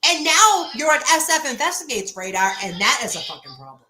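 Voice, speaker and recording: A woman's voice: high-pitched, fairly quick. A woman hosting a casual reaction livestream, talking bluntly and swearing freely. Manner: blunt, profane, animated. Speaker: livestream commentary host. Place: home, Boston.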